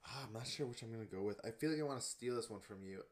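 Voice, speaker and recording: Young male podcast co-host, animated and laughing, hiccuping through casual chat. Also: fairly low pitch, racing. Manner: animated, laughs loudly, says bro and dude. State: has the hiccups.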